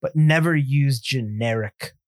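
A man's voice: mid-range voice, measured pace, no room sound, studio quality. A man co-hosting a casual film review podcast, blunt and opinionated, laughing often. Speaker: podcast co-host.

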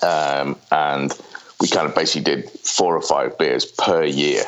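A man with a Merseyside accent talks in a strikingly deep register. He is a podcast guest and former brewer, chatting casually. He wanders through his story with plenty of ums and uhs. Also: steady tone, a little slow, fairly bright tone, rough recording. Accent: Merseyside English. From England. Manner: rambling, hesitant, many fillers. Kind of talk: casual interview chat.

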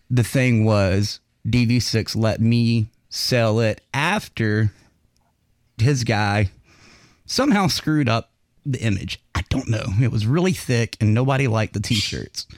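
A man's voice: medium pitch, no room sound, clean studio sound. A man hosting a casual veterans' talk show, telling stories with heavy swearing and frequent laughter. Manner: profane, laughs often, lively storytelling. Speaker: podcast host. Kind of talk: casual chat.

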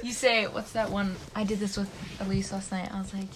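A young woman in casual podcast chat, telling stories with lots of giggling and bursts of volume when she gets excited. Her pitch sits mid-range for a woman. A faint noise hums behind her. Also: brisk. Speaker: podcast co-host.

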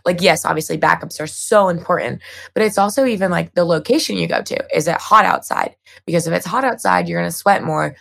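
Young female podcast co-host; low, gravelly voice, upbeat and chatty. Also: fairly quick, fairly bright tone. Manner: upbeat, chatty, many "like" fillers. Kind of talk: casual podcast chat.

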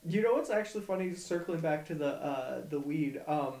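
A man's voice: a little high, lively intonation, moderate pace, darkish tone, reverberant. A man co-hosting a podcast, trading exasperated jokes in casual chat. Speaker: podcast co-host.

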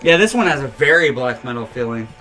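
A young man co-hosting a podcast, talking excitedly about metal music in casual chat, swearing and emphatic. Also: medium pitch, fast, poor audio. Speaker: podcast co-host.

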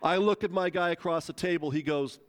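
A man preaching a sermon, telling a story in a lively, conversational way and acting out the quotes. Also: a little high, fairly quick. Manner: animated, conversational, acts out quotes. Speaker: pastor.

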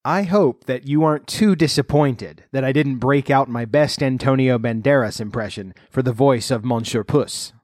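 A man reading a fairy tale aloud in measured narration, then adding wry comments of his own. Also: mid-range voice, a little mellow, no room sound, studio quality. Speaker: storyteller.

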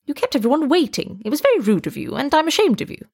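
A woman's voice: high-pitched, sing-song, fast talker, darkish tone, no room sound, voice pushed up. A woman playing a stern scolding host. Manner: stern, reproachful.

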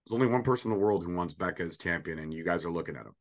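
A man's voice: low voice, lively intonation, rapid-fire. A man co-hosting a casual wrestling prediction show, joking and rambling with sarcastic asides. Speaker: podcast co-host.

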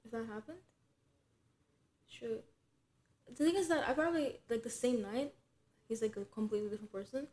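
A young woman in casual podcast talk, her voice sitting a bit high. She rambles and thinks out loud, leaning on "like" and "um" as she goes. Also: moderate pace, pauses often. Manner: chatty, many "like" fillers, thinks aloud. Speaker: podcast co-host. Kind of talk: casual chat.

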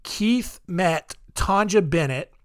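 A man's voice: high voice, animated, slow, smooth, dry recording, studio quality. A young man hosting a podcast, telling true-crime stories in a loose, joking way full of ums and asides. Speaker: podcast host. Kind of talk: casual true-crime storytelling.

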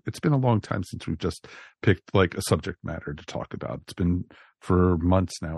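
A man's voice: low voice, vocal fry, breathy edge, no room sound, clean studio sound. A man from New Jersey hosting a podcast in casual chat, upbeat and jokey with lots of fillers. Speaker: podcast host.

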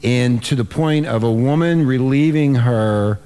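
A man hosting a crude comedic talk radio show, brash and excitable, swearing freely. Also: mid-range voice, unhurried, a crowd in the background. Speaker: radio host.

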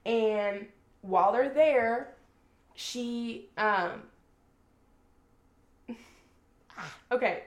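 A young woman with a somewhat high voice gushes through a book recap on a casual podcast. She swears freely and fills her sentences with "like." The sound is roomy and echoey. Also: very slow, pauses often. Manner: animated storyteller, swears freely, says "like" often. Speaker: podcast co-host. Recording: roomy echo.

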